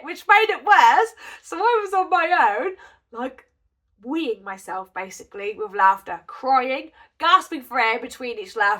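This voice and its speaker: A woman with a bright, clear, slightly high voice tells a long story in a chatty, giggly, rambling way, vlog style. She has a cold and a cough that break into her talk now and then. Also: lively intonation, a little slow. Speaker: crochet vlogger.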